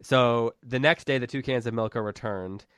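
A man's voice: mid-range voice, moderate pace, a bit bright, smooth, no room sound. A man teaching literature, leading a class discussion over a video call and thinking aloud with fillers.

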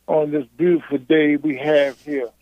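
A man's voice: a little high, flat delivery, unhurried, dry recording. A man from Virginia with a Southern accent, calling in and arguing insistently over the phone line. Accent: Southern American. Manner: insistent, repeats himself to hold the floor. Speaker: caller. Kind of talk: heated phone call.

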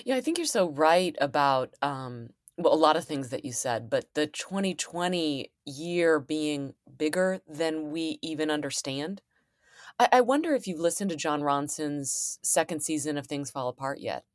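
Low-voiced chatty woman host. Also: expressive, no room sound, clean studio sound. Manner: chatty, quick to tease and laugh. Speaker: podcast host. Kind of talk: casual chat.

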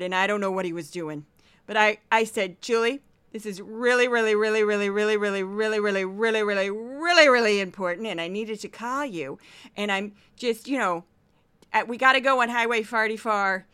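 A woman imitating her chatty mother with a St. Louis accent, rambling loudly on a phone call. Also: medium pitch, clean tone, close to an everyday voice.

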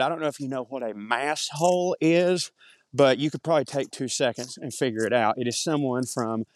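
A man's voice: medium pitch, no room sound. A man with a thick Southern US accent, rambling in a chatty, self-deprecating way as a podcast host while walking outdoors in the woods. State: slightly out of breath walking uphill. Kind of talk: rambling monologue.

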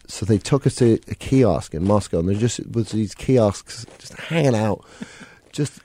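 Mellow-voiced man telling rambling anecdotes. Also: on the low side, lively intonation, unhurried. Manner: rambling, self-mocking anecdotes with frequent laughs. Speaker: comedian guest. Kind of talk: casual storytelling in a podcast interview.

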